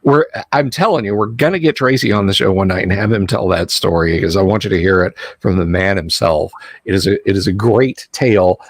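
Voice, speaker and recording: A man's voice: deep voice, a little fast, no room sound. A man hosting a livestream, chatting casually about tabletop games and acting out quoted lines as he tells stories. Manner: animated storyteller, acts out quoted voices. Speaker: livestream host.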